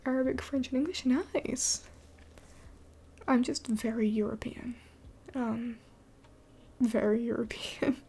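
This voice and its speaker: A woman's voice: on the high side, fairly even intonation, slow, long pauses, darkish tone, slightly rough. A young adult woman streaming live late at night, mostly whispering as she answers chat in a blunt, swearing way.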